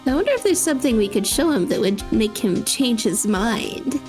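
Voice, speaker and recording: A woman's voice: a little high, big pitch swings, moderate pace, music in the background. A woman reading aloud for an eager young female assistant, polite and coaxing. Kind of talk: reading game dialogue aloud.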